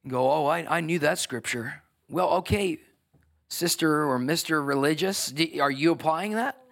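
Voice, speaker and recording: A middle-aged man preaching a sermon as pastor, conversational and emphatic, swinging from soft to loud. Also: a little high, moderate pace, vocal fry.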